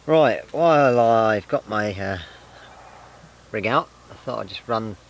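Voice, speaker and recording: A man's voice: lowish voice, animated, slow, vocal fry, rough recording. A man from England filming a casual fishing vlog outdoors by a lake, chatting and explaining his tackle step by step. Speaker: angler vlogger.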